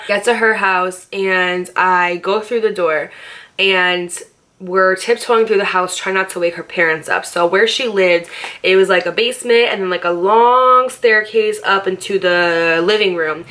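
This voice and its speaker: A woman's voice: on the low side, normal speed, pushed and bright. A young woman in a casual storytime vlog, chatty and profane, with a lot of "like". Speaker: vlogger.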